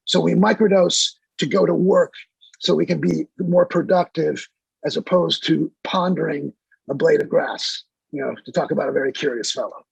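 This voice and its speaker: A man talking as a podcast guest in a musing, halting way, with many fillers. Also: on the high side, gravelly, husky, no room sound, poor audio. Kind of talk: reflective podcast talk.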